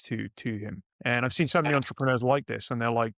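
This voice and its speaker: Speaking fast and barely pausing, a middle-aged podcast guest from the United Kingdom with a British accent rambles through stories about his career, frequently restarting and correcting himself. His voice is ordinary in pitch and fairly bright. The recording is close and dry, without any room sound.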